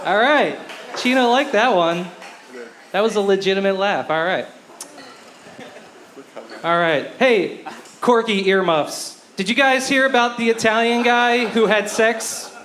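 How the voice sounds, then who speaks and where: Slow, high-voiced stand-up comic. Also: male voice, some chatter behind, a little hiss or hum. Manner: deadpan, self-deprecating one-liners. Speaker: stand-up comedian. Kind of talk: stand-up comedy set. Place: comedy club stage.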